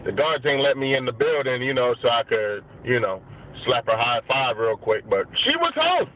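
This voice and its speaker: A man's voice: medium pitch, flat delivery, moderate pace. A man in a casual boxing vlog, talking loose, profane street slang with many fillers. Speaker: boxing vlogger giving channel shout-outs. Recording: tinny lo-fi phone-like audio with faint hiss.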